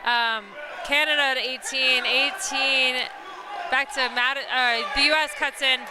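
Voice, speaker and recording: A woman calling live play-by-play, excitable, chatting to online viewers and laughing at big plays. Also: sits high, unhurried, over a noisy crowd, very noisy. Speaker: play-by-play commentator. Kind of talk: live sports commentary.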